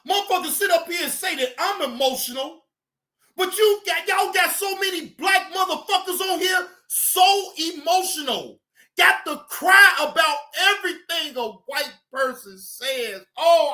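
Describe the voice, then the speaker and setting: A man hosting a live stream, ranting loudly and profanely at his audience, often shouting. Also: very high voice, a little slow. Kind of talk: heated ranting commentary.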